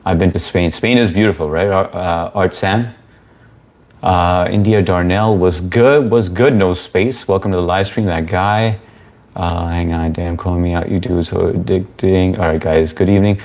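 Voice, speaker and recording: A man's voice: low voice, normal speed, darkish tone. A young man hosting a casual live-stream Q&A, chatting loosely and reading viewer comments aloud. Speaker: livestream host answering chat.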